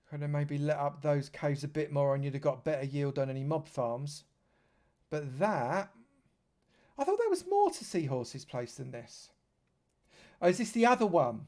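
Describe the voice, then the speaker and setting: A man's voice: a little high, a little mellow. A man from London, giving chatty live commentary on a game stream and joking with dry sarcasm. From London, England.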